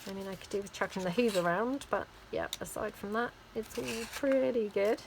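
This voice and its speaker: A woman's voice: mid-range voice, brisk, vocal fry, background noise. A woman chatting casually while she crafts, rambling and full of fillers. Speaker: craft vlogger.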